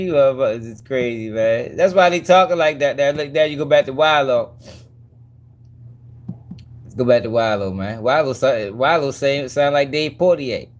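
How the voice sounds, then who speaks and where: A man's voice: mid-range voice, expressive, normal speed. A man hosting a commentary channel, reacting to clips in a mocking, profane way with frequent laughs.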